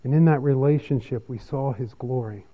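A man preaching a sermon in a measured, expository way, with his pitch rising and falling often. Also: highs cut off. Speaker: pastor.

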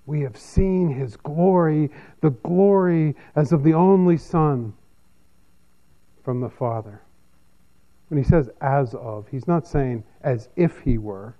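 Pastor, male, somewhat high voice; measured expository sermon delivery, lo-fi sound. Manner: measured expository preaching, lively pitch swings.

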